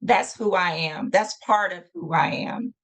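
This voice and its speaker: A woman guest in an interview, answering in slow, deliberate statements. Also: lowish voice, fairly bright tone. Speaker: guest, author and coach.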